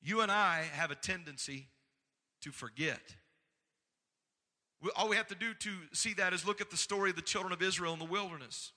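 A male preacher with a high, piercing, brilliant voice delivers a sermon in a church sanctuary. He moves from conversational asides to fervent exhortation, calling on the congregation for amens. His voice carries a long reverb from the hall. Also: brisk, pauses often, sharp tone.

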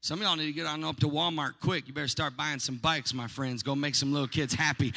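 A man preaching a sermon, telling stories and calling for response, building to shouts. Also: fairly high pitch, fairly quick, creaky, long reverb tail. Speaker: pastor.

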